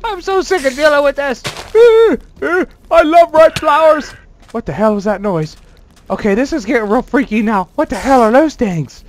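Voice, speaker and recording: A man doing let's play commentary as a gaming host, excitable and quick to swear, yelling at sudden scares and bragging playfully. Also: extremely high pitch. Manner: playfully boastful.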